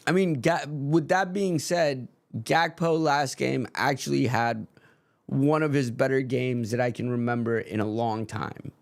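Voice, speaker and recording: A man's voice: medium pitch, vocal fry, a little mellow. A man streaming live, chatting casually about football with his viewers while he codes. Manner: rambling, talks to chat while coding.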